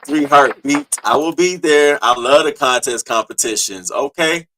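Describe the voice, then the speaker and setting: A man hosting a casual live-stream commentary, animated as he greets viewers by name from the chat and swears freely. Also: a little high, a little slow, noisy background.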